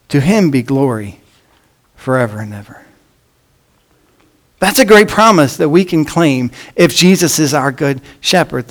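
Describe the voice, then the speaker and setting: A pastor delivering a sermon, swinging between emphatic lines and hushed ones, and reading scripture aloud with emphasis. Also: male voice, fairly high pitch, expressive, moderate pace, long pauses.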